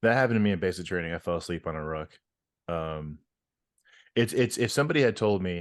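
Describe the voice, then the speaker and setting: A man in his thirties co-hosting a podcast, talking casually in a measured way with many pauses and restarts. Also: sits low, animated, no room sound, clean studio sound. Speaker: podcast co-host, army veteran. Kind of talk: casual chat.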